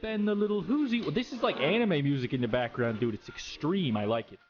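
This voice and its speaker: A man's voice: a little high, expressive, fairly quick, dull audio, crowd noise. A man joking his way through comic reaction commentary on viral videos, playful and exclamatory.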